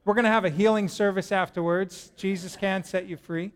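A middle-aged man preaching a sermon to a congregation in a church, lively and joking as he talks to them directly. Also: high-pitched, fairly quick, clean tone. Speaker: pastor.

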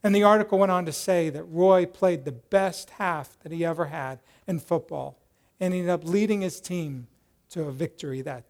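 High-voiced male pastor, animated sermon storyteller, shifts between acted-out shouts and hushed prayer. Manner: animated storyteller, acts out quoted voices loudly, drops to soft prayerful tone.

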